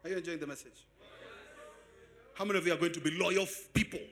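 A man preaching a sermon as pastor, asking the congregation questions and swelling into sung shouts. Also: a little high, steady tone, quick pace. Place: church service.

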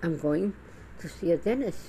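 A woman's voice: lowish voice, expressive, normal speed, warm tone, slight background noise, poor audio. A middle-aged woman talking straight to camera in a blunt, profane, rambling monologue full of restarts. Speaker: vlogger. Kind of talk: casual monologue.

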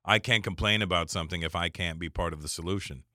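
A man's voice: low voice, fast, pushed and bright, no room sound, studio quality. A middle-aged Canadian man, a comedian chatting as an interview guest, joking and telling stories in a self-deprecating way. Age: 40s. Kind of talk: casual interview chat.

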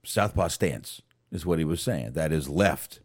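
A man's voice: rumbling low, animated, unhurried, no room sound, studio quality. A man hosting a reaction video, chatting and explaining between clips. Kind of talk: casual reaction commentary.

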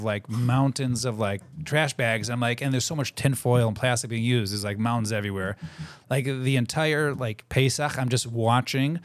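A man's voice: mid-range voice, dry recording. A man co-hosting a casual chat podcast, rambling and full of fillers. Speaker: podcast co-host.

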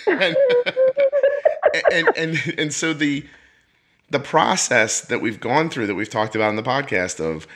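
A man's voice: mid-range voice, lively intonation, unhurried, pushed and bright. A middle-aged man hosting a podcast, telling a story in a casual chat and acting out the voices of the people he quotes. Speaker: podcast host.

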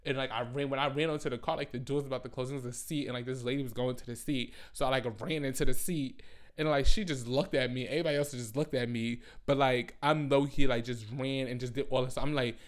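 A man's voice: medium pitch, steady tone, quick pace. A young man hosting a podcast, telling a personal story in a rambling, profane, slangy way that keeps circling back on itself. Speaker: podcast host. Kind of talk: casual storytelling monologue.

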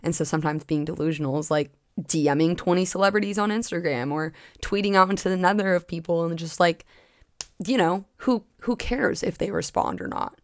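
Gravelly, passionate woman podcaster. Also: on the low side, a little fast, no echo, studio quality. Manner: passionate, frequent filler likes and cussing. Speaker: podcast host and spiritual coach. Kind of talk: casual solo podcast monologue.

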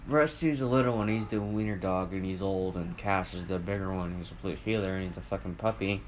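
A man with a somewhat low voice talks on his own podcast in a loose, meandering rant. He swears constantly and circles back with fillers and false starts. Faint household noise hums behind him at home. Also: a little fast. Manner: rambling, profane, lots of fillers and restarts. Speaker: podcast host. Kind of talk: rambling solo podcast rant. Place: at home with family around. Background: faint household noise, dogs and TV.

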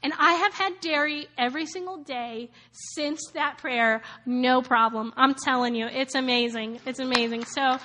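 A woman sharing an excited church testimony, gushing and repeating herself. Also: high voice, normal speed, few pauses, slight background noise.

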